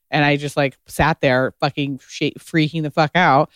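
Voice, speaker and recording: A woman guest spills a story in a loose, animated podcast chat, leaning on "like" constantly. Her tone is smooth and resonant. The sound is dry and close, with no room echo. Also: deep voice, normal speed. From United States. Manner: chatty, heavy use of "like", animated retelling.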